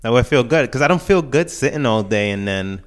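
A man's voice: mid-range voice, lively intonation, fairly quick. A man in a casual podcast chat, easygoing and explaining things at length.

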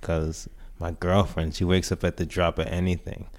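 Deep-voiced New man, easygoing. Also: flat delivery, normal speed, darkish tone. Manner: easygoing, explaining at length. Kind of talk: casual chat.

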